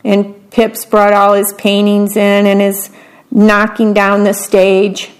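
A woman reading a children's picture book aloud, pausing to describe the pictures in a chatty aside. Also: mid-range voice, monotone, poor audio. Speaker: storybook reader.

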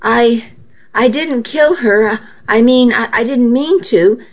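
A panicked young man in shock stumbles over his words, as a woman narrator voices him. He stammers frantically at an unhurried pace. The recording sounds dull and lo-fi. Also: a little high. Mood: distraught.

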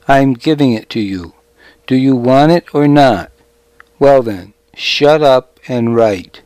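A man's voice: mid-range voice, animated, slow, a little mellow, clear, resonant tone, no echo. A man voicing a bitter old soldier in an audiobook, speaking curtly and with a sneer. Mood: scornful. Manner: curt, sneering. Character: bitter old male soldier recalling the past.

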